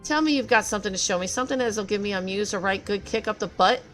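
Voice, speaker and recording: A woman reading game dialogue aloud as a gruff, self-loathing male craftsman who grumbles and curses in a rough dialect. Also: mid-range voice, quick pace, a bit bright, faint music behind, natural voice. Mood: grumbling.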